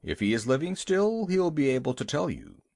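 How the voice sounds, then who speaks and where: A man voicing a grumpy, pompous old male walrus in a storybook reading, with a low gruff grumble. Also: big pitch swings, moderate pace, darkish tone, no echo, clean studio sound.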